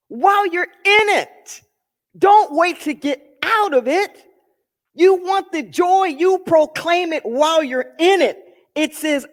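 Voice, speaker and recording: A woman's voice: sits high, lively intonation, a little slow, big-room sound. A woman minister giving a sermon, emphatic and repeating key phrases for weight.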